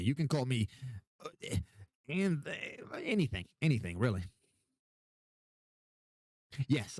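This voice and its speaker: A man's voice: a little high, darkish tone, no room sound. A tipsy young man hosting a casual livestream, rambling, swearing a lot and repeating himself as he answers chat questions.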